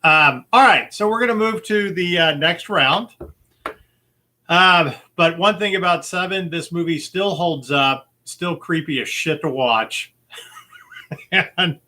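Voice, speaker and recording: A man's voice: fairly high pitch, takes it slowly, pushed and bright. A man hosting a casual podcast movie quiz, upbeat and chatty, laughing easily. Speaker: quiz host.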